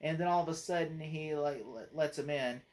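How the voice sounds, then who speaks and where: A man's voice: fairly high pitch, fairly quick. A man talks through a film in a casual spoken review for his own channel. He rambles from point to point, leaning on "like" and "you know". He breaks into laughter easily as he goes. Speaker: movie critic and channel host.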